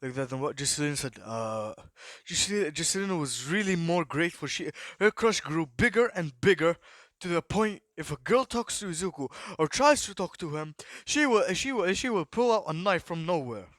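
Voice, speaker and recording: A young man spins an improvised story in a loose, rambling way, stopping again and again to prompt himself before he goes on. His voice sits a little high, and it is recorded dry and close to the mic with no room sound. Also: animated, fairly quick, fairly bright tone, dry recording. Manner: rambling, many fillers and repeated "the what?" prompts. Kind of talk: casual improvised story narration.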